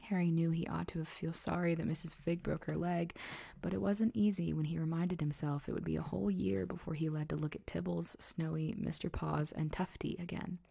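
A woman narrating a storybook in a soft, hushed, steady reading. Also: low voice, brisk, creaky, breathy edge.

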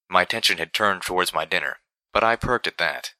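A man narrating a first-person story with a steady, measured reading. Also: deep voice, dry recording. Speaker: audiobook narrator.

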